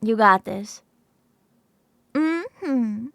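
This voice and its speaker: High-pitched bright woman streamer, giggly and sleepy, just woke up, dry close mic. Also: expressive, very slow, creaky, dry recording. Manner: giggly, laughs often. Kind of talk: casual chat with viewers.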